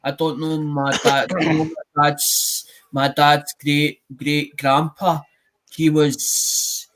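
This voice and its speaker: A man's voice: a little high, flat delivery, very slow, fairly bright tone, rough recording. A man with a Scottish accent chatting casually on a stream panel, rambling and restarting his sentences. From Scotland. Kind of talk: casual chat.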